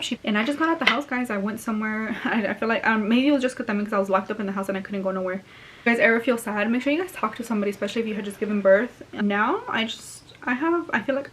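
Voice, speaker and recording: A woman's voice: fairly high pitch, fairly bright tone. A young woman chatting casually at home while doing her makeup, rambling and mixing Spanish words into her English. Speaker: vlogger. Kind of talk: casual get-ready-with-me chat.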